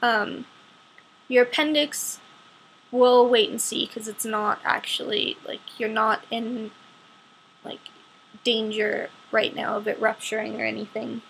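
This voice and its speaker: A woman voicing a calm, matter-of-fact female doctor who patiently explains, hedging as she goes. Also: on the high side, slow, vocal fry, slight background noise, full character voice, poor audio.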